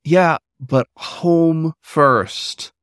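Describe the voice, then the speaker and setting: A man's voice: on the low side, lively intonation, moderate pace, fairly bright tone, no echo, studio quality. A man voicing an anxious, bratty male wolf with a snappy, barking way of talking. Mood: playful.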